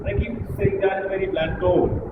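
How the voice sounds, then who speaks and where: A man with a fairly high voice gives teasing, animated feedback to a speaker in front of a small audience. He sounds far from the mic in a long-ringing meeting room. A loud background hiss and passing traffic come through. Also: fairly quick, narrow, tinny audio. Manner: animated, playful, teasing, demonstrative. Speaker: speech evaluator at a public speaking club. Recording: echoey distant room recording with loud ambient hiss.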